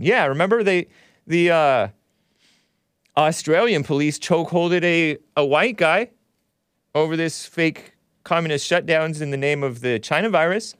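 A man's voice: on the high side, animated, normal speed, clean tone, dry recording, studio quality. A man hosting his own show, giving sarcastic commentary over news clips with mocking asides. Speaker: show host.

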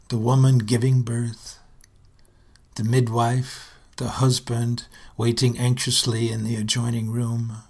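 A man giving a hushed, contemplative literary reading, with faint music behind him. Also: mid-range voice, slightly rough. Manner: slow, hushed, contemplative delivery. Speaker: essay reader.

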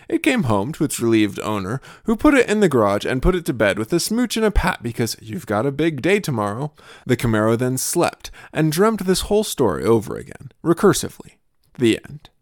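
A young adult man and podcast host telling absurd stories and family anecdotes in a dry, deadpan comic style. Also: mid-range voice, creaky, no room sound.

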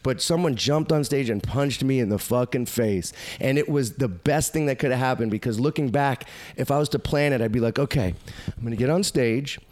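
Profane, animated male storyteller. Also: mid-range voice, a little fast, few pauses. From United States. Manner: animated, profane, acts out quoted voices. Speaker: podcast guest. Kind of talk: casual storytelling.

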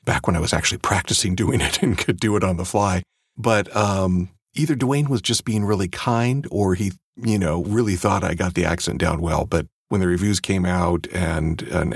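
A man's voice: low-pitched, slightly rough, no echo, clean studio sound. A man who narrates audiobooks, talking casually and chattily on his own podcast. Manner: relaxed and chatty, with fillers.

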